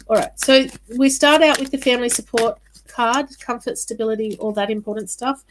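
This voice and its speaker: A woman's slightly high voice comes through a low-quality recording with a little hiss or hum as she does live-stream psychic card readings. She talks casually and soothingly, pausing often with "um" and "all right" and using viewers' names.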